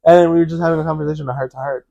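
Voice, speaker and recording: A young man with a fairly high, mellow voice tells stories in a casual chat, jumping into acted-out quotes with a lifted voice. The sound is close and dry, with no room around it. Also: very fast, vocal fry, no room sound, dull audio. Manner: animated, acts out quotes in a raised voice. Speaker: co-host.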